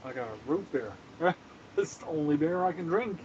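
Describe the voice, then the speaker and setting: A man's voice: fairly high pitch, animated, moderate pace, lo-fi sound, noisy background. A man from Canada chatting casually on a live stream while he cooks, laughing often and greeting viewers by name.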